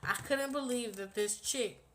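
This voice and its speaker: A woman's voice: fairly high pitch, unhurried, a little hiss or hum. A young woman casually telling a personal story on her vlog, blunt and profane, acting out what people said. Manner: animated, blunt, profanity-laced retelling with acted-out quotes.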